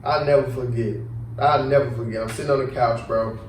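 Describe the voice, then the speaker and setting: Young male podcast host, casual and animated, acts out quotes; recorded off-mic in a roomy echo. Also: medium pitch, a little fast, recorded from a distance, slight background noise. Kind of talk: casual chat. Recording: echoey room, voice a bit off-mic.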